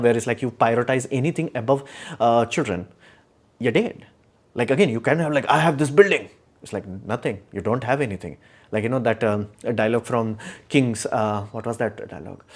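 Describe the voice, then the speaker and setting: A man hosting a casual live stream, giving strong opinions in a rambling way with many fillers and restarts. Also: mid-range voice. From India.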